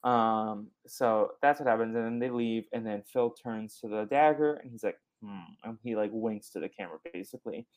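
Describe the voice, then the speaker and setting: Animated male podcast host. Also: on the low side, moderate pace, hardly any pauses. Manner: animated retelling, acting out characters' lines. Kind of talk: casual movie recap chat.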